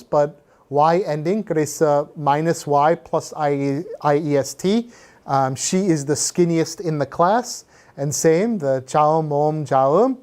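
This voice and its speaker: A man's voice: on the high side, darkish tone. A man reviewing English grammar for a class, patiently explaining rules with many fillers and switching into Korean. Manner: frequent filler sounds. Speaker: English teacher.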